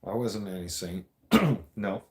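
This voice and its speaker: A man's voice: fairly low pitch, takes it slowly. A man hosting a podcast, telling stories casually in a blunt, profane way and laughing often. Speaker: podcast host. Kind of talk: casual storytelling.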